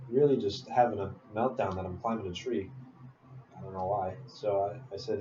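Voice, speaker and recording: Deep-voiced young man telling a story. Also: a little fast, mellow, muffled recording. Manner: rambling, full of fillers and asides. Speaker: speaker telling a personal story. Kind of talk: casual storytelling speech. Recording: distant roomy mic with noise.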